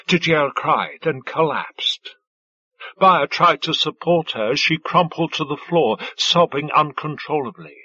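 A man reading fiction aloud as an audiobook narrator, in a measured, scripted way. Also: fairly high pitch, bright, forceful tone, husky, no room sound, highs cut off.

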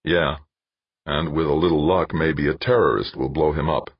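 A skeptical company boss, as a male narrator plays him, low and husky. He answers in a gruff, doubtful way. The sound is dry and a bit muffled. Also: steady tone, normal speed, dry recording, full character voice. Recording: dull lo-fi dry recording.

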